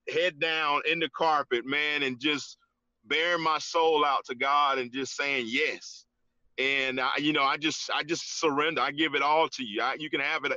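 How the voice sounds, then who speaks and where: A man, telling his story in an interview, halting, with many restarts, often saying "man". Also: on the high side, bright, forceful tone, no room sound, lo-fi sound. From Georgia, US. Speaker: interview guest. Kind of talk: casual testimony in an interview.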